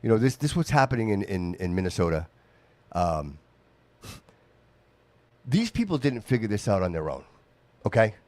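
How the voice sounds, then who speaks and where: Lively, animated male podcast host. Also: fairly low pitch, normal speed, long pauses, no echo. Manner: animated, emphatic, slangy. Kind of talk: casual chat.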